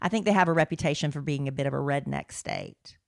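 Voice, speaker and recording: A woman's voice: deep voice, huge pitch swings, fast talker, gravelly, dry recording, clean studio sound. A woman from South Carolina co-hosting a podcast, chatting casually and rambling as she searches for words. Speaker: podcast co-host. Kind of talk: casual chat.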